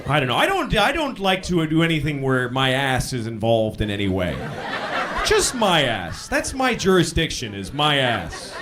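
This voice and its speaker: A man's voice: medium pitch, wildly swooping pitch, normal speed, noisy background. A man doing a stand-up comedy set, profane and self-deprecating, acting out little voices as he goes. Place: live comedy stage. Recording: live show with loud crowd laughter. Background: audience laughter.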